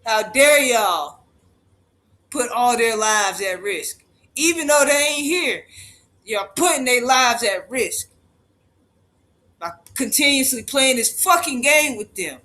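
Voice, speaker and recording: A man's voice: very high-pitched, animated, takes it slowly, pauses often, sharp tone. A man on a livestream, delivering an impassioned rant, profane and emphatic, repeating lines for force.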